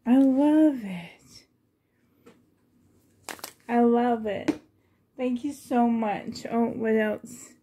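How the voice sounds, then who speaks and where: A woman's voice: high-pitched, slow, pauses often, mellow, husky. A woman collector gushing with delight as she unboxes reborn dolls for a vlog.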